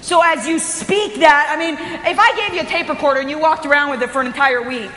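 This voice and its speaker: A woman giving an energetic, inspirational conference talk as a motivational speaker, often raising her voice for emphasis. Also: high voice, fast, slight background noise. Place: hotel conference hall. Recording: echoey hall recording.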